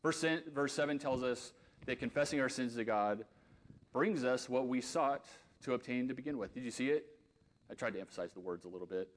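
A man preaching with real earnestness. His voice sits in an ordinary middle pitch, and he swings between loud, emphatic declarations and quiet, intense asides. The delivery is sermon-like, aimed at a congregation. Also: fairly quick. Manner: leads a closing prayer.

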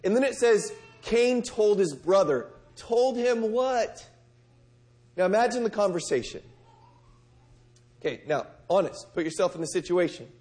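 Male preacher, high voice, conversational sermon delivery with questions to the congregation, loud and hushed by turns. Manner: conversational, asks the audience direct questions.

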